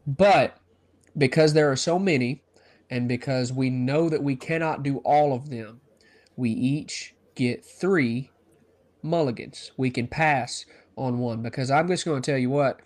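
A man's voice: medium pitch, a little slow, darkish tone. A man co-hosting a podcast in casual chat, upbeat and explaining things at length. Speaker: podcast co-host.

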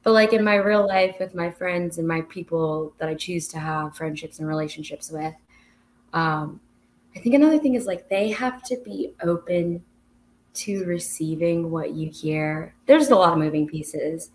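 A young woman co-hosts a casual podcast, thinking aloud with plenty of "like" and "um." Her voice sits a little low for a woman. A faint hiss of noise lies behind her. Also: fairly even intonation, moderate pace. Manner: reflective, talks things through with many fillers. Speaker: podcast co-host. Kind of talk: casual chat.

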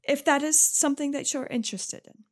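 A woman voicing a warm, chatty female school counselor in a tabletop fantasy game, who rushes her words and then apologizes. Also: sits high, pitched above the performer's own voice, lightly acted. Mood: kind. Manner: gushing, talks fast then apologizes.

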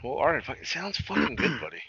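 A man in casual chat, excitedly retelling a TV episode, swearing freely. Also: a little high, fast, vocal fry, breathy edge, no echo, muffled recording. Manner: excitable, profane, retells scenes with acted-out quotes.

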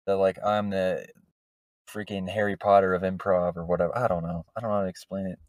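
A man's voice: sits low, level tone, fairly quick, dry recording. A man co-hosting a podcast, telling a rambling story in casual chat, full of fillers. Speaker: podcast co-host. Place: podcast studio.

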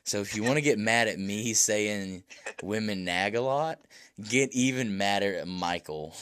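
Bright, joking young man on a podcast. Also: fairly low pitch, unhurried, clear, resonant tone, no room sound. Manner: joking, laughs often, slangy. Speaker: podcast co-host. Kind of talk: casual podcast banter. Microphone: call audio with dropouts.

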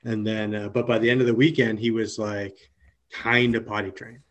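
Hesitant, chuckling dad co-host. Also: male voice, lowish voice, flat delivery, normal speed, dull audio. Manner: hesitant, chuckling storytelling with many ums. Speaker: podcast co-host and father. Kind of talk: casual chat.

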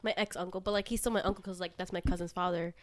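A woman guest on a podcast, talking fast and giggling as she tells stories in casual chat. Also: on the low side, steady tone, background noise.

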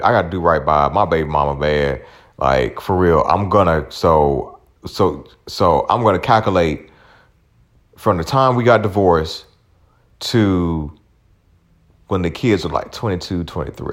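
A man's voice: low-pitched, expressive, moderate pace. A man in his forties hosting a podcast, ranting bluntly with plenty of swearing. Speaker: podcast host. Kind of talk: casual profane rant.

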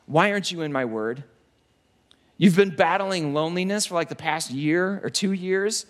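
A man's voice: high-pitched, normal speed, lightly acted. God, stern yet caring, as a male pastor puts him on. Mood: searching. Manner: direct, searching questions. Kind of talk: sermon.

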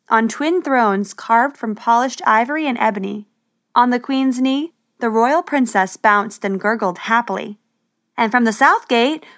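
A woman narrating a storybook adventure in a steady, expressive way. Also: on the high side.

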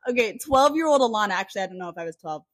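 A woman's voice: a little high, expressive, fast, no room sound, studio quality. A woman co-hosting a book podcast, laughing often and chiming in to correct her friends. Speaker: podcast co-host. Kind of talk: casual book-club chat.

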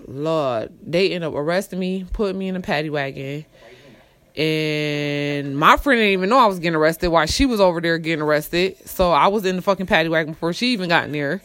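A young woman tells her story as a casual, unfiltered rant. She swears constantly and talks bluntly. Her voice drops to low mutters and then jumps into loud, exasperated outbursts. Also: normal speed. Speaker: storyteller vlogger.

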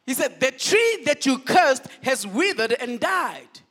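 A man's voice: extremely high pitch, slow. A male pastor preaching a sermon, firing call-and-response questions at the congregation. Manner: animated, shifts between loud declaring and quiet asides.

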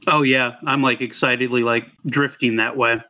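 A man's voice: mid-range voice, level tone, normal speed, pushed and bright, highs cut off. A man playing in a tabletop game, talking eagerly and rambling with lots of "like". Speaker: player. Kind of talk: casual tabletop role-play.

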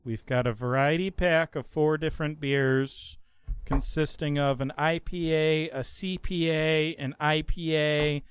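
A man's voice: a little high, steady tone, a little slow, clear, resonant tone, no echo. A man hosting a casual beer-tasting podcast, joking with friends and steering the talk. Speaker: podcast host.

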